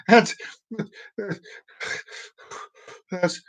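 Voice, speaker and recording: High-voiced man rambling on stream. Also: lively intonation, normal speed, pauses often, rough recording. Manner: rambling, repeats phrases, trips over words. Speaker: live stream host. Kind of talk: casual live stream chat.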